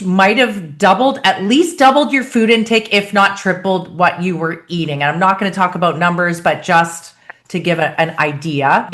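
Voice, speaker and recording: A woman's voice: mid-range voice, a bit bright. A woman nutrition coach in a casual interview, recapping a client's progress with encouraging, filler-heavy talk.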